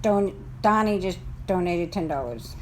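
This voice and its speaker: A woman's voice: on the low side, animated, measured pace, darkish tone. A woman's voice comes from off-camera, easygoing and giggly, as she reads out donations and chats. There is faint outdoor noise and ambience behind her. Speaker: co-host reading donations. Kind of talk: casual chat off-camera.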